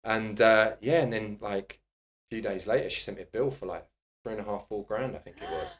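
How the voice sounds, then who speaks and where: A man's voice: on the low side, brisk. A man, a personal trainer and podcast guest, telling a casual anecdote with lots of swearing and laughter. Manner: animated, swearing, laughing storyteller.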